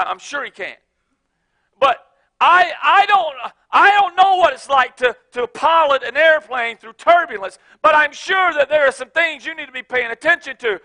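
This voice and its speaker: A man preaching a sermon as pastor, moving from soft, chatty storytelling with repeated restarts to shouted exhortation. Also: high-pitched, vocal fry.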